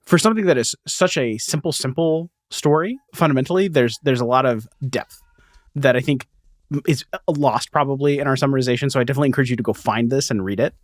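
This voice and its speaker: A man's voice: medium pitch, quick pace, dry recording, clean studio sound. A man co-hosting a podcast, casually summarizing a comic book issue and laughing often as he retells scenes. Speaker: podcast co-host.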